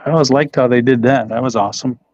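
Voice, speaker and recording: A middle-aged man, a professional boxer, answers interview questions in a relaxed, halting way with frequent restarts. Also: medium pitch. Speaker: professional boxer, podcast guest. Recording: dull, dry audio.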